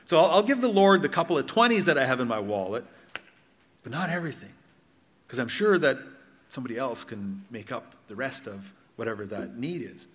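A middle-aged man preaching a sermon in a conversational way, asking the congregation questions and swinging between loud and hushed. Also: mid-range voice, very animated, brisk, big-room sound. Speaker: pastor. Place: church hall.

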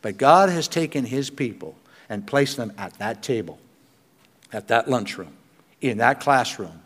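A man's voice: medium pitch, animated, a little slow, a bit bright. An older man preaching a sermon as pastor, earnest and conversational, with self-deprecating humor. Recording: long hall reverb.

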